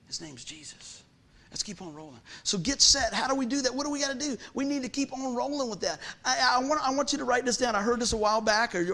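A man with a high voice preaches a lively sermon, calling out questions to the congregation and repeating his key phrases.

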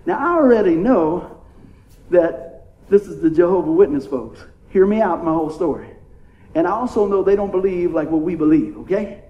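Pastor, man, high voice, chatty call-and-response preaching, roomy echo. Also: animated, moderate pace, muffled recording. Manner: playful, call-and-response preaching with frequent "amen?". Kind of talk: sermon.

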